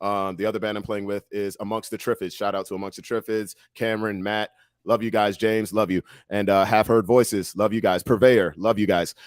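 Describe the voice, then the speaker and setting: A young man with a deep voice, chatting as a podcast guest and telling stories with lots of laughter. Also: a little fast, no echo, studio quality. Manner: laughs often, animated storytelling. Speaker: podcast guest, musician and MMA analyst. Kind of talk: casual chat.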